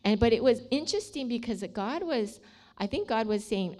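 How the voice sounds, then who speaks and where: A woman's voice: a little high, lively intonation, moderate pace, a little mellow. An older woman sharing a personal faith testimony in an earnest, heartfelt storytelling manner.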